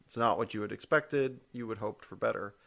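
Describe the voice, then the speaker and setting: A man talking through ideas on a podcast in relaxed, rambling chat. His voice sits low with a gravelly edge, and he often doubles back to correct himself mid-thought. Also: fairly quick. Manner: rambling, self-correcting, casual swearing. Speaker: podcast co-host. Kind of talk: casual chat.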